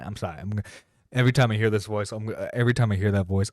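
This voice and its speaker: A man's voice: on the low side, quick pace, darkish tone, dry recording, studio quality. A man hosting a stream, talking casually while reacting to a clip, rambling, swearing and exasperated. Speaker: streamer host. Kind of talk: profane casual commentary.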